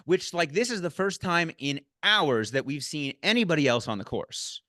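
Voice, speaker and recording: A man in casual chat recapping an ultramarathon, getting loud and high when excited and swearing freely. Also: normal speed, no echo, studio quality. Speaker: podcast host recapping a race.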